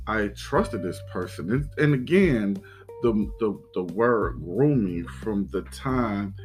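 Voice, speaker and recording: A man with a lowish voice tells his own story very slowly, stopping often to pause and restart his sentences. He speaks in a reflective way. Faint guitar music plays softly behind him. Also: poor audio. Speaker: podcast host. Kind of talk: personal storytelling.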